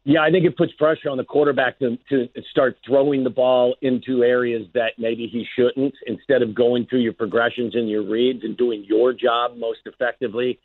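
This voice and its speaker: A man's voice: medium pitch, flat delivery, moderate pace, few pauses, no room sound. A man, a former wide receiver, talking football as a guest on sports radio in a plainspoken, earnest way. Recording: dry phone line.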